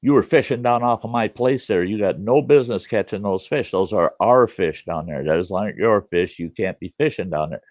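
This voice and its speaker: Brief: man playing a surly neighbor, deep, clipped and scolding, on a dull dry recording. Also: moderate pace, hardly any pauses, no room sound, natural voice. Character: mean grouchy middle-aged male neighbor.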